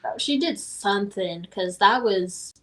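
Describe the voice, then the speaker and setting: A woman from Las Vegas, a podcast guest, telling stories in casual chat, animated and full of laughter and filler words. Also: mid-range voice, measured pace. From Las Vegas, USA.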